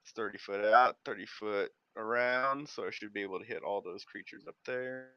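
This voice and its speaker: A man's voice: on the low side, steady tone, moderate pace, bright, forceful tone, clear, resonant tone, no room sound. A man playing a cleric in a tabletop game, chatty and playful as he explains his moves. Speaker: player, cleric. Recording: muffled lo-fi mic.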